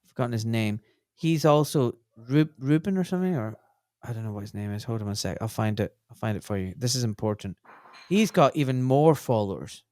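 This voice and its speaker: A man in his forties talks as a doctor on a casual podcast. He tells his stories bluntly and with energy, swearing without a second thought. His mid-pitched voice sits close and dry on the mic. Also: brisk, no echo. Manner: blunt, animated storyteller who swears freely.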